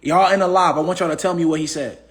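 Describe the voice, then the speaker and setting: Brief: high-pitched man, AAVE, preachy livestream motivational speaker, repeats himself. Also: fairly even intonation, fast, soft background music. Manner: preachy, repetitive, asks the audience questions. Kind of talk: casual motivational talk.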